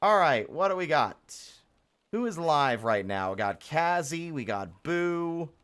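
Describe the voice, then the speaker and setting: A man's voice: on the high side, big pitch swings, a little slow, fairly bright tone, clean tone. A young man live-streaming a game, talking casually and frankly, grumbling and swearing freely.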